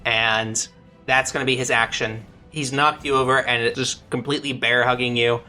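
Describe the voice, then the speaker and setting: A man running a tabletop game as dungeon master, narrating the action and reading rules aloud in a steady, explanatory way. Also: medium pitch, moderate pace, faint music behind.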